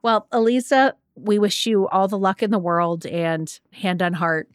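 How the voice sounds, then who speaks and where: A woman co-hosting an advice chat, chatty and agreeable with quick asides. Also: medium pitch, steady tone, clear, resonant tone, dry recording, clean studio sound. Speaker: co-host.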